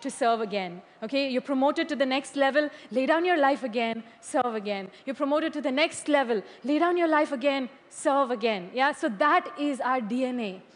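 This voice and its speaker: A woman preaching a sermon in a church hall. She is animated, laughs often and keeps checking in with "okay?". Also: high voice, normal speed, few pauses. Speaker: church leader. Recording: long hall reverb.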